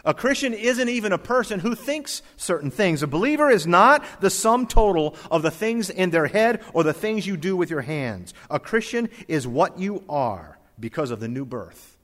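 Male preacher mid-sermon, emphatic delivery with sudden drops to a hush, recorded in a reverberant hall. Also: high-pitched, sing-song, normal speed, hardly any pauses. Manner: emphatic, swings from loud to soft, reads scripture aloud. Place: church hall with congregation.

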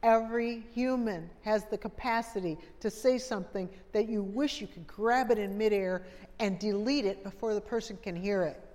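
A middle-aged woman speaks at a women's conference in a folksy, humorous way, addressing the audience directly. Her voice sits at an ordinary pitch. A long reverb from the large hall trails after her words. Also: moderate pace, a little mellow. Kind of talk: conversational women's conference talk.

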